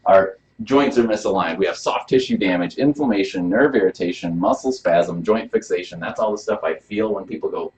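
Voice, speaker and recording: A man presenting a health workshop as a chiropractor, talking casually and asking the audience questions. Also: on the low side. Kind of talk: live workshop talk to an audience. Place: room with a small live audience. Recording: dull lo-fi recording.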